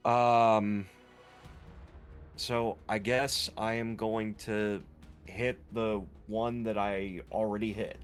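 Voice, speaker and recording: Slow-talking low male player, hesitant, soft music behind. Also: flat delivery, clear, resonant tone. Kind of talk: tabletop game play.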